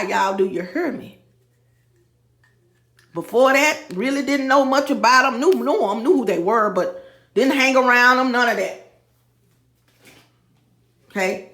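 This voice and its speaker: A woman's voice: on the high side, unhurried, pauses often, fairly bright tone. A woman vlogging in a casual monologue, talking emphatically straight to her viewers and repeating her points. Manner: emphatic, repeats phrases, addresses viewers as y'all. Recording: echoey room.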